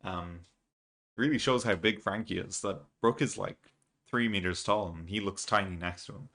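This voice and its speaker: A man's voice: sits low, moderate pace, gravelly, a bit bright. A man hosting a reaction video, casually recapping a comic chapter and thinking aloud, reading the dialogue out plainly. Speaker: manga reaction video host.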